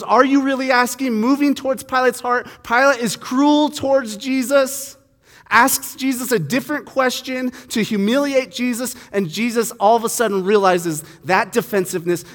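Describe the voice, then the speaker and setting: Casual preacher, a man with a slightly high voice, quizzing his congregation in a reverberant hall. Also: fairly bright tone. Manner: conversational, asks the audience questions, acts out quoted lines. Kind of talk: sermon teaching on a Bible passage.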